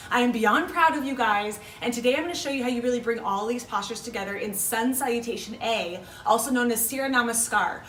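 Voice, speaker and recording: Upbeat female yoga instructor, cues breaths warmly, high voice, roomy sound with faint hiss. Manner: encouraging, cueing breaths. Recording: roomy echo.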